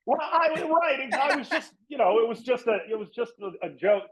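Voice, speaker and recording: A man, a regular guest on a sports podcast, telling an anecdote in an animated way, laughing and restarting often. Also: extremely high pitch, fairly quick. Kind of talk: casual podcast storytelling. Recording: muffled, lo-fi audio.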